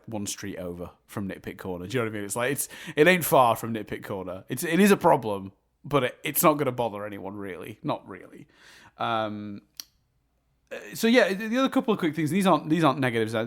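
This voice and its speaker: Animated man reviewing films. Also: medium pitch. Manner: animated, laughs while retelling jokes. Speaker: podcast co-host. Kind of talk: casual film review chat.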